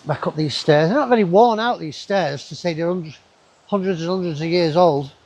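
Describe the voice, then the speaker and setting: A man's voice: fairly high pitch, fairly quick, a little mellow. A man, chatting casually to his camera as he walks through a river gorge outdoors, rambling with asides to himself. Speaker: travel vlogger. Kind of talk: casual walking commentary.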